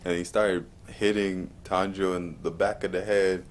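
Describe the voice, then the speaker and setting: A man casually reviewing a movie, retelling scenes with animated high-pitched outbursts. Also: moderate pace, a little hiss or hum.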